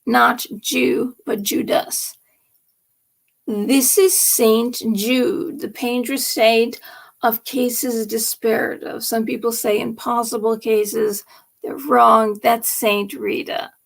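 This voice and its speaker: Slow, gravelly woman ranting on a live stream. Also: on the high side, fairly even intonation. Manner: rambling, emphatic, drops to whispers. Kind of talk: late-night political and religious monologue.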